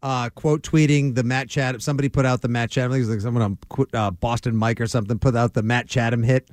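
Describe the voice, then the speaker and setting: A man's voice: mid-range voice, steady tone, quick pace, a little mellow, no room sound, clean studio sound. A man co-hosting a radio sports show in casual banter, playful and sarcastic.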